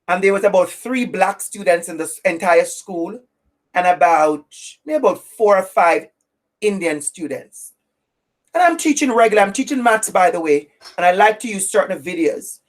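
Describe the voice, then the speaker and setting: A woman with an accent giving an impassioned webinar talk as an anti-racism educator, speaking directly and repeating phrases for stress. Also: mid-range voice. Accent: non-native English accent.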